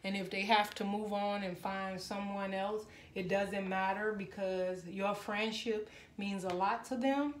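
A woman reads tarot cards for her viewers in a loose, chatty way. She gets emotional and keeps breaking into exclamations. Her voice sits at a middle pitch and echoes around the room. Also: steady tone, a little slow, hardly any pauses. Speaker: tarot reader. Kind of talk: casual tarot reading to camera.

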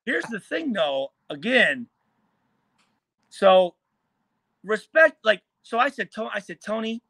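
A man's voice: sits high, very animated, takes it slowly, long pauses, sharp tone, dry recording. A man in his forties from Michigan, a former football player, telling a profane, heated story and acting out what was said. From Michigan, USA. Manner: profane, heated, acts out quoted lines. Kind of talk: animated storytelling.

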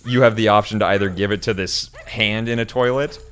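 A man's voice: lowish voice, fairly even intonation, fairly quick, fairly bright tone, a little hiss or hum. A man co-hosting a casual gaming chat, laughing a lot and telling rambling stories. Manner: chatty, laughs a lot, meandering anecdotes. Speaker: co-host.

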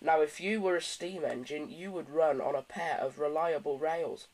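A man's voice: a little high, normal speed, low-quality recording. A man voicing a cheerful, friendly little male tank engine in a storybook reading. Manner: bright and friendly.

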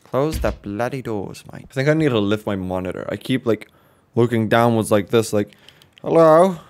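A man casually commenting while playing a horror game, joking, reacting fast and swearing now and then. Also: medium pitch, lively intonation, darkish tone. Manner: jokey, swears, quick reactions. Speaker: let's play host.

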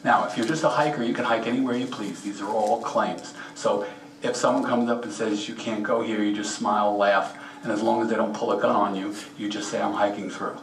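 A man's voice: lowish voice, steady tone, brisk. A man giving a casual slide presentation at a mineral show, plainspoken and folksy, offering practical advice directly to the audience. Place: meeting room at a rock and mineral show. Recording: echoey room, speaker far from the mic.

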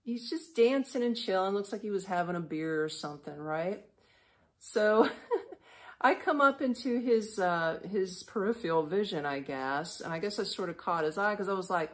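A woman from the United States tells a personal travel story on her podcast in a loose, conversational way. She is animated and chatty, acting out both sides of each exchange, with a voice that sits somewhat low for a woman. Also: moderate pace. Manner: animated, chatty, full of fillers and quoted dialogue. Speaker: podcast host. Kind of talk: casual storytelling.

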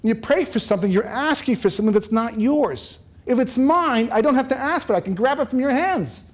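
Animated man giving a lively Torah talk. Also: extremely high pitch, fairly quick. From lives in Israel. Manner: animated, jokes and laughs, acts out dialogue. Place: lecture room.

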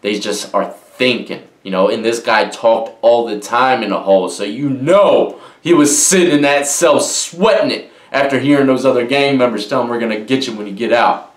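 A man's voice: mid-range voice, moderate pace, hardly any pauses. A young man telling prison stories in a rambling, slangy, conversational way, full of "man" and "you know". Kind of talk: casual storytelling monologue. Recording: echoey room.

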